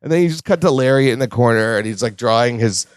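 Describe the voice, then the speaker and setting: A man's voice: mid-range voice, fast, clean tone, no echo, studio quality. A man co-hosting a podcast in casual chat, animatedly acting out the lines he quotes. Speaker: podcast co-host. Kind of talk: casual chat recapping a sitcom episode.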